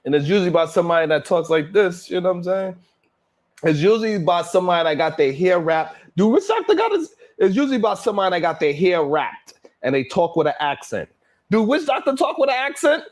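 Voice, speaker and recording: Reading super chats during a casual livestream, a man chats with viewers in a laid-back style full of laughs, sighs and drawled slang. His pitch sits high and swings widely, and he talks fast.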